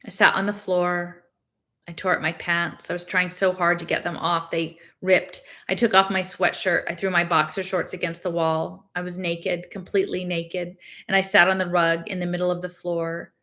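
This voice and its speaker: A woman reading a novel aloud, narrating in the first person with a steady, plain delivery. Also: on the low side, moderate pace. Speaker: reader.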